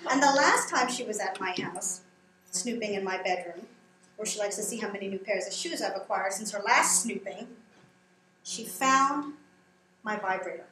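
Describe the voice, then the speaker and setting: A woman's voice: mid-range voice, moderate pace, sharp tone, slight background noise. A woman performing a stand-up comedy monologue on a small theater stage, chatty and teasing as she jokes with the audience. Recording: roomy live room with audience.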